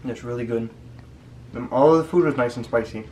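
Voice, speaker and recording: A man's voice: medium pitch, a little fast, a little mellow. A young man hosting a casual food vlog, talking straight to his viewers in an upbeat way. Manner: upbeat, addresses viewers directly. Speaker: vlog host. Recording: noisy handheld camera audio.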